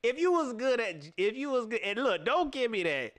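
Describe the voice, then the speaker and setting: A man hosting a casual sports talk livestream, ranting at viewers in an animated way and laughing often. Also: very high voice, normal speed. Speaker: sports talk show host.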